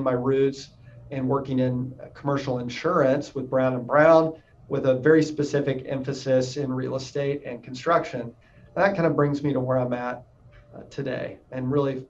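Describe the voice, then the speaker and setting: A man's voice: mid-range voice, a little mellow, highs cut off. A man in his thirties from East Tennessee, with only a light trace of a Southern accent, chatting upbeat with many fillers as an interviewee. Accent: light Southern US, mostly neutral. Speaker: interviewed club member, insurance salesman. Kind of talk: casual interview answers.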